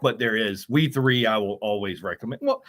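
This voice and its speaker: A man's voice: fairly low pitch, a bit bright. A man co-hosting a casual comics chat, joking and teasing. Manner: joking, teasing, quick to laugh. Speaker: co-host.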